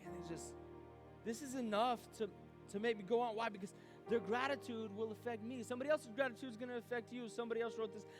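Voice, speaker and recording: A man preaching a youth sermon as youth pastor, animated, acting out his own doubts aloud. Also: extremely high pitch, fast, music in the background.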